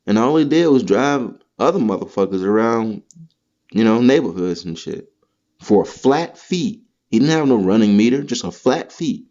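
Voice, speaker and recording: A man's voice: lowish voice, expressive, moderate pace, mellow. A man hosting a podcast, delivering a heated, profane, rambling comedic rant. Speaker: podcast host. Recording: dull lo-fi recording.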